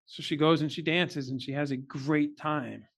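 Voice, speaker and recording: Man, slightly higher voice, heartfelt storyteller, candid interview guest. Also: fairly even intonation, moderate pace, gravelly, a bit bright. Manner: earnest, emotional personal storytelling. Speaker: podcast guest.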